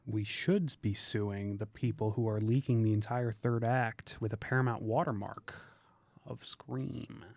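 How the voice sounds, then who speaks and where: Man dropping deadpan asides off-mic. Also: fairly low pitch, unhurried, vocal fry. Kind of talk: casual livestream chat.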